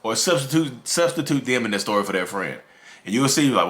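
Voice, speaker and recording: This man runs his own channel and chats about narcissism straight to camera. His medium-pitched voice is expressive, fairly quick and a bit bright, and he keeps circling back over the same points while addressing everyone as "y'all."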